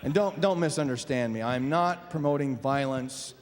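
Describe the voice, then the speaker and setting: A man from Nebraska doing a stand-up comedy set, telling animated stories and acting out voices, in a large theater. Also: mid-range voice, moderate pace, background noise. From Nebraska, USA. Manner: animated storytelling with acted-out voices. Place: large performing arts theater. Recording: live stage in an echoey hall.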